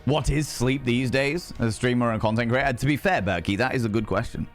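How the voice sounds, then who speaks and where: A man's voice: mid-range voice, fairly quick, soft background music. A man with a Yorkshire accent chatting casually and swearing often on a live stream, laughing easily.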